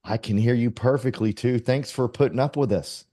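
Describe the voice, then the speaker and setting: A man's voice: medium pitch, moderate pace, dark tone. A man hosting a group video call, giving an impassioned motivational talk and acting out quoted feelings. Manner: impassioned, preachy, acts out quotes. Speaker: meeting host.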